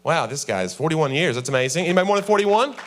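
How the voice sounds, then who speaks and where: A man's voice: fairly high pitch, expressive, fast talker, a little hiss or hum. A man in his forties doing stand-up comedy on a church stage, talking to the crowd conversationally and acting out little scenes with his wife. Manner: conversational, acts out voices of his wife and himself. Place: church auditorium with a live audience.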